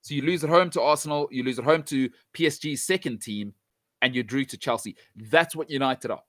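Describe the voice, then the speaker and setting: A man's voice: mid-range voice, fairly quick, a bit bright, no room sound. A man giving blunt, emphatic football opinions, speaking straight at the fans and hammering his points by repeating them. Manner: direct address to fans. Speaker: football pundit. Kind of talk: opinionated sports talk.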